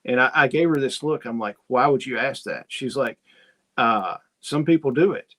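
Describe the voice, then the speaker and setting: Hosting a relaxed livestream, a man with a mid-range, slightly bright voice and lively intonation speaks at a moderate pace. He reads out viewer comments and spins folksy, meandering tales, voicing both parties in each exchange.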